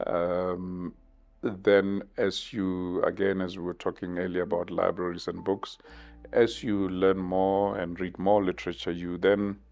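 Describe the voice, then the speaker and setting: A man in his fifties from South Africa, giving measured, thoughtful interview answers with many pauses. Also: deep voice, flat delivery, gravelly, darkish tone, soft background music. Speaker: interview guest.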